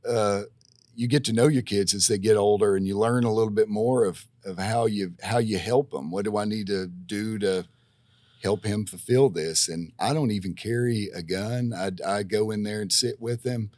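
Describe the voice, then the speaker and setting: A man's voice: on the low side, moderate pace, darkish tone, no room sound. A man, a physical therapist guest on a podcast, talking casually with many restarts and folksy stories. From Tennessee, USA. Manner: rambling, many restarts and fillers, folksy storytelling. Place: podcast studio.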